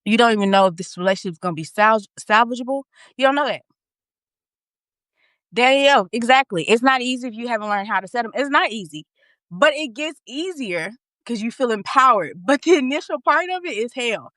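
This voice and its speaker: A woman hosting a live video, telling a personal story in a candid, emphatic way, repeating and restarting when the feeling runs high. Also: animated, a little fast, a bit bright, no room sound. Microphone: phone or webcam, live stream.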